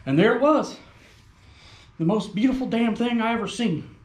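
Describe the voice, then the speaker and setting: A man's voice: extremely high pitch, lively intonation, moderate pace, roomy sound. A man hosting an RC truck video, telling a rambling, folksy, crude comedic story in a put-on rural persona. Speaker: RC hobby video host. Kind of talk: comedic rural character monologue.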